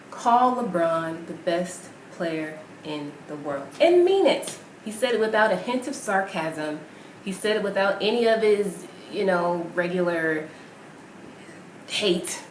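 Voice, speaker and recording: A woman's voice: fairly low pitch, expressive, slow. A woman vlogger delivering a heated, profane rant, firing off rhetorical questions. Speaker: vlogger ranting about basketball. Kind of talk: profane angry rant to camera. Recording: roomy echo with faint noise.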